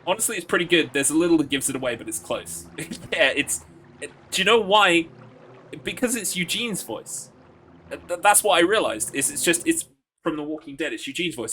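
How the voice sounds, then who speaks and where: Chatty British man with a bright voice. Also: fairly high pitch, fairly quick, a little hiss or hum. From United Kingdom. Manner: chatty, rambling, with frequent restarts and self-deprecating laughter. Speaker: horror game streamer. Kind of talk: casual live-stream chat. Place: home streaming setup.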